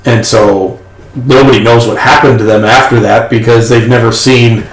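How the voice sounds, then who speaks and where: A man narrating as game master in a tabletop game, talking in halting bursts with restarts. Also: medium pitch, fairly even intonation. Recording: echoey room, faint noise.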